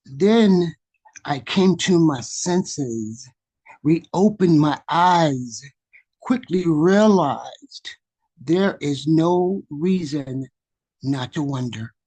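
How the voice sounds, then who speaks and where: A man reading his own poetry at a measured, dramatic pace over a video call. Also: a little high, expressive, darkish tone, husky, poor audio. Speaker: featured poet.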